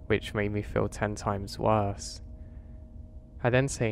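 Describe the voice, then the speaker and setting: A man narrating a first-person horror story in a measured, confessional way. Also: fairly low pitch, fairly even intonation, vocal fry, a little hiss or hum.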